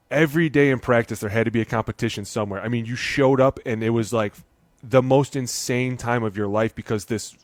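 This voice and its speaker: A man's voice: mid-range voice, no room sound. A man, a former football lineman, telling stories in casual podcast chat and acting out the voices of people in his anecdotes. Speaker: former NFL lineman guest.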